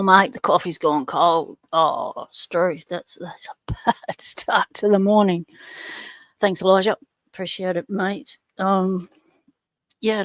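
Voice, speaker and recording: A woman's voice: lowish voice, no echo, clean studio sound. A middle-aged Australian woman hosting a casual livestream, chatting and greeting viewers by name. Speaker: livestream host.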